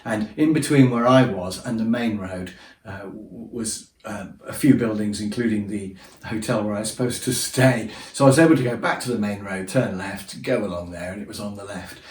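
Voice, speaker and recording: A man's voice: on the low side, normal speed, distant mic. Man, casual anecdotes, self-deprecating, echoey room, sits back from the mic. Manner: chatty, self-deprecating, lively when acting out moments. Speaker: storyteller.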